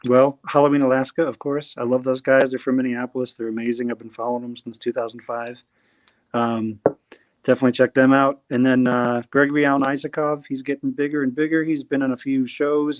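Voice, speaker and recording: A man's voice: medium pitch, fairly even intonation, a little fast, dry recording. A man from New Jersey, a singer-songwriter guest, talking casually in an interview, rambling with many fillers and restarts.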